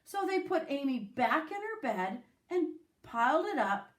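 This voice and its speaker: A woman reads a children's storybook aloud in an unhurried, expressive voice. Her pitch sits a little high and swoops widely. She gives the characters their own small voices. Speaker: teacher reading aloud.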